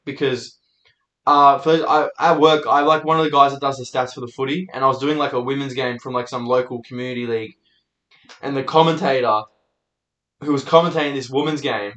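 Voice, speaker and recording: A man's voice: mid-range voice, steady tone, a little fast, fairly bright tone, roomy sound, low-quality recording. A young Australian man hosting his own show, telling rambling stories in a casual, sweary way. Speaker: podcast host and comedian. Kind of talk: solo storytelling monologue.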